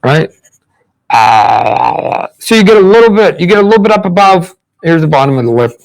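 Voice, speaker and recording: A man with a somewhat high voice talks through a live drawing lesson while he sketches. He rambles, restarts and repeats words, and he acts out mouth sounds to show what he means. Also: very animated, normal speed, creaky, rough recording. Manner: demonstrates mouth sounds and faces. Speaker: comic book artist teaching drawing. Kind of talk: casual live drawing demonstration.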